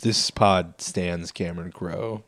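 A man's voice: low-pitched, fairly even intonation, slow, fairly bright tone. A man co-hosting a casual podcast chat, blunt and swearing freely. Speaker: podcast co-host.

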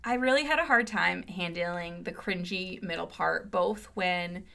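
Podcast co-host, woman, bright tone with some vocal fry, jokey and rambling. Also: on the low side, a little slow. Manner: joking, rambling, playful asides. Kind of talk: casual chat.

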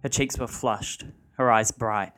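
A man reads a dark story aloud at a steady pace. His voice sits in a middle register, with quiet music running under the narration. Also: mid-range voice, measured pace.

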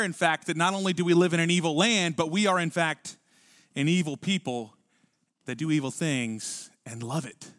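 With a slightly high voice, this pastor speaks to his congregation in a friendly way, full of rhetorical questions, sometimes sinking to a hushed, nearly private tone. It's a close, dry recording with no room sound.

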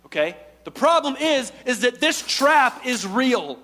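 A man preaching a sermon as pastor, animated, swinging from loud emphatic lines to hushed asides. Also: very high voice, measured pace, big-room sound.

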